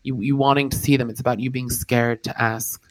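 A man co-hosting a comedy podcast in character, talking in a mock-earnest, deadpan way. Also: medium pitch, fairly quick. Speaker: co-host in a comic persona. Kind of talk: deadpan comic role-play.

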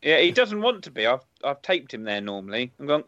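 Comedian, playful teasing chat, lively up-and-down voice, dry dull sound. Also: male voice, mid-range voice, brisk, no room sound. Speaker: comedian, podcast regular.

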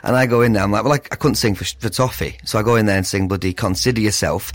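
A man hosting a casual interview, chatty and animated, laughing often. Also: on the low side, fast, hardly any pauses, dry recording. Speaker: podcast host.

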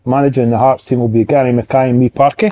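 A man from Edinburgh with a Scottish accent, a podcast guest and former footballer, telling sweary, animated stories in casual chat. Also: medium pitch, fast talker. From Edinburgh, Scotland.

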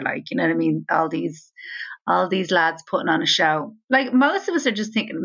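A woman's voice: lowish voice, fairly quick, fairly bright tone. Irish woman telling rambling stories, lo-fi. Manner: rambling anecdotes, casual swearing. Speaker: podcast co-host. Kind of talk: casual chat. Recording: slightly dull, lo-fi audio.

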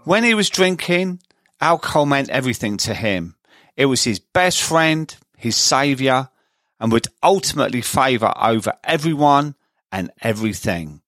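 A man's voice: mid-range voice, lively intonation, moderate pace, fairly bright tone, no echo. Friendly male podcast host, dry sound. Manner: friendly, chatty. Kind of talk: podcast hosting, scripted intro and casual chat.

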